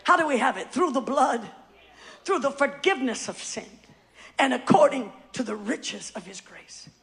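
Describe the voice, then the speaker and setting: A woman preaching a sermon, emphatic and often shouting, who calls the congregation to answer her back. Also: sits high, expressive, normal speed.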